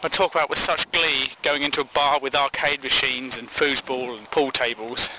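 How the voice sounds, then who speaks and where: A man's voice: mid-range voice, steady tone, moderate pace, very noisy. A man hosting a comedy podcast, rambling through jokes and odd news stories with frequent chuckles. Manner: chatty, self-amused, rambling with frequent chuckles. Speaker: podcast host. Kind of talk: comic news commentary.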